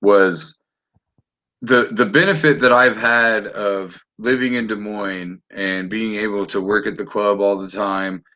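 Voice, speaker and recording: A man's voice: fairly low pitch, fairly even intonation, measured pace, pushed and bright. A man hosting a podcast, chatting casually and animatedly, swearing freely and often restarting his sentences. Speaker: podcast host. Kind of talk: casual chat.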